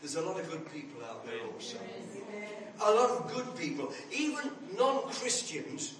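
A man's voice: high voice, big pitch swings, normal speed, very echoey, far from the mic, crowd noise, rough recording. A man in his seventies preaching a sermon, telling a personal story earnestly and building to emphatic points. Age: 70s.

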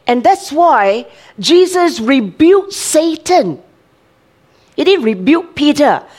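This older woman preaches with a fairly high voice, speaking informally as she talks a congregation through a reading. She often turns to her listeners for agreement and laughs along the way. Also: a little mellow. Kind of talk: sermon.

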